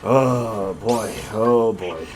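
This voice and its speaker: A man hosting a casual video game commentary, joking and laughing as he goes. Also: on the low side. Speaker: host commentator. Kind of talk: casual let's play commentary. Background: game music.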